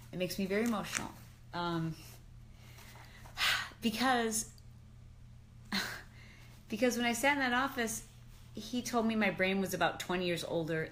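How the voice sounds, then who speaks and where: Animated woman on a live chat. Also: lowish voice, a little hiss or hum. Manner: animated and exclamatory, often says "dude". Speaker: fitness and lifestyle expert. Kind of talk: excited casual live chat.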